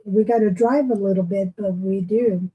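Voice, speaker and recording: A woman co-hosting a livestream, reading viewer comments and chatting slowly with many fillers. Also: medium pitch, steady tone, breathy edge, muffled recording. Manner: slow and hesitant, many fillers. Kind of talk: casual livestream chat.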